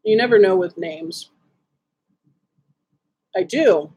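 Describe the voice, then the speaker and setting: A woman's voice: mid-range voice, lively intonation, slow pace, mellow, breathy edge. A woman from Wisconsin chatting casually on a livestream, greeting viewers by name and making snarky asides.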